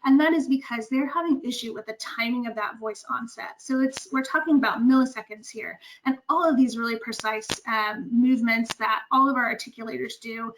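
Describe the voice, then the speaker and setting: Woman explaining with many pauses. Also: a little high, fairly bright tone, a little hiss or hum, low-quality recording. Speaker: speech-language pathologist presenter. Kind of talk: webinar lecture.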